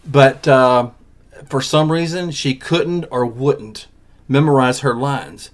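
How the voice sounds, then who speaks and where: A man's voice: medium pitch, slow. A man hosting a casual webcast chat, reading out audience questions and laughing often. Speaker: podcast host.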